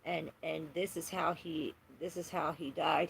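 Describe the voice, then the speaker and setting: A woman's voice: low-pitched, steady tone, measured pace, gravelly, slight background noise. A woman giving a live tarot reading who rambles, trails off and restarts, swears casually and laughs often. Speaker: tarot reader. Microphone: phone.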